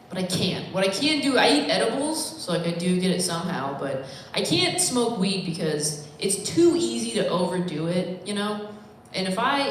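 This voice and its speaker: A woman doing a stand-up comedy set in a bar, talking in a rambling, self-deprecating, conversational way. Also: lowish voice. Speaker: stand-up comic. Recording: echoey bar room, faint noise.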